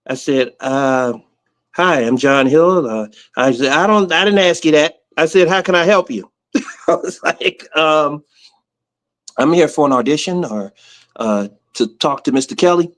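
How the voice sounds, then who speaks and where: American guy as a podcast guest, tells stories in a lively casual way, slightly high voice. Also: a little slow. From United States. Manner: animated, acts out the people in his story. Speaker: guest, music executive. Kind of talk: casual storytelling.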